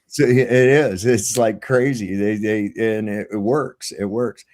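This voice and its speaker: A man's voice: lowish voice, steady tone, measured pace, darkish tone. A middle-aged man telling a rambling, profanity-laced story as a guest on a livestream panel, over a remote call.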